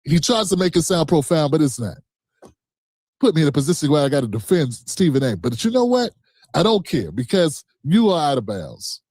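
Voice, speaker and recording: A man's voice: on the high side, big pitch swings, moderate pace, darkish tone, no room sound, clean studio sound. A man streaming a reaction, talking back to a clip in a combative, profane, mocking way. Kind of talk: heated reaction commentary.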